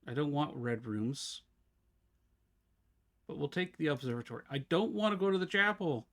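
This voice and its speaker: A man live-streaming a game, chatting casually with his viewers as he plays, talking fast and slurring his words together. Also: on the high side, animated, fairly bright tone. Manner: chatty, talks to chat while fiddling with settings. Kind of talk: casual live-stream chat while gaming.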